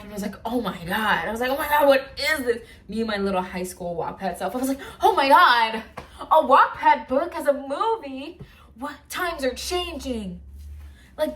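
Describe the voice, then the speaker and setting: A woman's voice: on the low side, a little hiss or hum. Chatty young woman ranting about books. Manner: animated, rambling rant with filler words. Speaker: vlogger. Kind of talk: casual chat.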